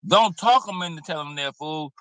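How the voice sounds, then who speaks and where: A man's voice: fairly high pitch, fast talker, bright, forceful tone, no echo, rough recording. A man giving blunt, preachy, streetwise commentary in a casual reaction video, cursing freely. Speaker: commentary host.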